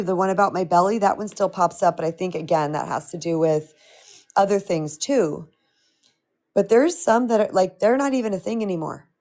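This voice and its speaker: Chatty middle-aged woman with a crackly voice. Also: medium pitch. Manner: animated and chatty, reads out viewer comments. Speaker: spiritual empowerment coach. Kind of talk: live-streamed coaching talk.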